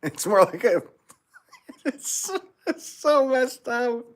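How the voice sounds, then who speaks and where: A man's voice: very high-pitched, lively intonation, very slow. A man with an American accent hosting a casual pottery livestream, reading out viewer comments and joking with a frequent chuckle. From United States. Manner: jokey, chuckles often.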